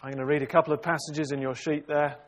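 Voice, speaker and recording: A man leading a Bible study, praying and then reading scripture aloud in a measured, steady way. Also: on the high side. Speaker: preacher.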